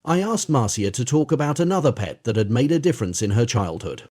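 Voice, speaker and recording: A man narrating an audiobook in a gentle, measured reading style. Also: medium pitch, sing-song. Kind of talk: audiobook narration of an interview account.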